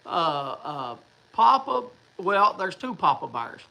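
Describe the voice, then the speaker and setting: Gravelly chatty man. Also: sits high, big pitch swings, slow, pushed and bright, poor audio. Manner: rambling, chatty, restarts and fillers. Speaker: livestream host. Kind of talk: casual livestream chat.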